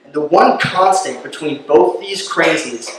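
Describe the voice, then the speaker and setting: A man performing a stand-up comedy set, telling a long story and building to loud, incredulous rants. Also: a little high, unhurried, distant mic. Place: live comedy venue. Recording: very echoey room, voice from off-mic.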